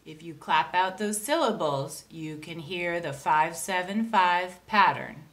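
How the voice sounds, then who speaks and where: A woman's voice: lowish voice, very noisy. A woman teacher giving a recorded lesson, talking patiently and counting out syllables step by step. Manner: slow, patient, spells out syllables.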